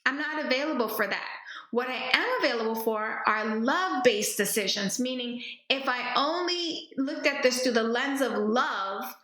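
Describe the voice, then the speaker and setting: A woman's voice: on the high side, expressive, moderate pace, pushed and bright. A woman podcast host telling a personal story in a candid, reflective way, often addressing herself by name. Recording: roomy echo.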